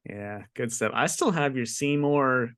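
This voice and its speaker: A man's voice: medium pitch, a little slow, a bit bright, clean tone, no room sound, studio quality. A man co-hosting a podcast, chatting casually in an easygoing, rambling way and laughing often. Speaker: podcast co-host and game master. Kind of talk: casual chat.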